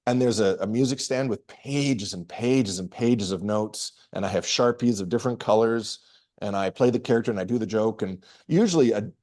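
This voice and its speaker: A middle-aged man, a comedian, answering interview questions in a relaxed, storytelling way with frequent restarts. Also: lowish voice, normal speed. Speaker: guest comedian and performer.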